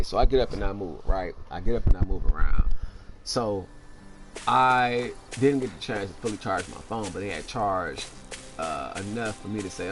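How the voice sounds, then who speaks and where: A man's voice: deep voice, lively intonation, a little fast. A man telling a heated, profane personal story while playing a game, often asking "you know what I'm saying". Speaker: gaming channel host. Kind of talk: casual storytelling over gameplay. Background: game music.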